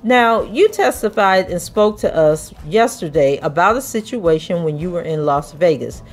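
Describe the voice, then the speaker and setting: A woman podcast host reading a trial transcript aloud, voicing the questioning in a measured, even way. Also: fairly low pitch.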